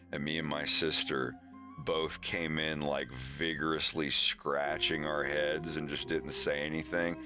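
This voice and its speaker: Young adult male streamer, casual storyteller, animated delivery. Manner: animated, acts out quoted voices with big high pitch jumps.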